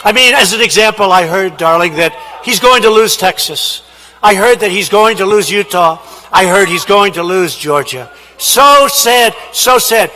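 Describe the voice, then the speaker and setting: A man giving a campaign rally speech in a large indoor hall, shouting with emphatic, repetitive phrasing into a podium microphone. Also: high-pitched, normal speed. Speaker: politician at a rally.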